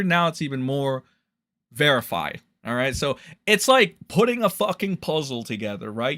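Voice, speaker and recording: A man's voice: sits high, pushed and bright. A young man hosting a livestream, rambling and swearing as he comments on online drama and talks to his chat.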